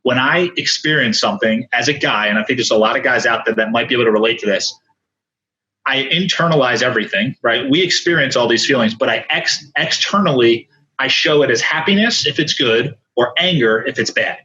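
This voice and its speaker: A man speaking as a podcast guest and coach, telling candid stories in an animated, earnest way with many asides. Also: medium pitch, a little fast, muffled recording, a little hiss or hum. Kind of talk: candid storytelling in conversation.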